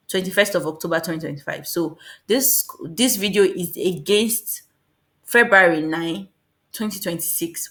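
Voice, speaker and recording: A woman giving a casual, fast explainer on applying for a scholarship, often repeating and correcting herself. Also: on the low side. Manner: fast, repetitive, self-correcting. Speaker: scholarship guide vlogger.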